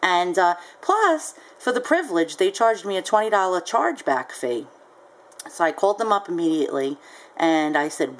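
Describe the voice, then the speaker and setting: A woman's voice: fairly low pitch, very animated, moderate pace, rough recording. A woman seller casually recounting a story on her vlog, chatty and peppered with ums and asides. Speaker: online seller.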